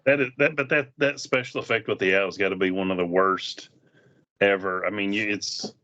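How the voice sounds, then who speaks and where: A man with a fairly low voice talks through a western in a relaxed review chat. He retells scenes and slips into the characters' lines. The sound is dull and lo-fi. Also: moderate pace. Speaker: movie reviewer. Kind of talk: casual film review chat.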